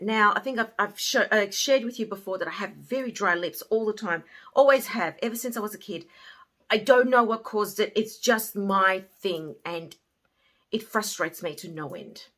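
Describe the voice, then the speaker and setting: A beauty haul vlogger casually reviews products she bought, speaking in a mid-range voice at a moderate pace. She is chatty and often trails off softly at the end of her thoughts.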